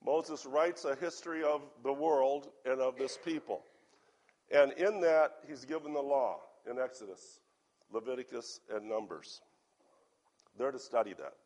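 A man with a hoarse voice preaching a sermon, reading scripture aloud and asking his listeners earnest questions. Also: mid-range voice, a little slow, a little mellow.

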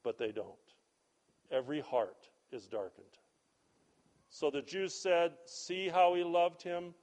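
A male pastor delivering a sermon, reading scripture aloud in a measured, deliberate way. His voice sits a little on the high side. He leans hard on key words and then steps out of the text for plain, conversational asides. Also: lively intonation, darkish tone.

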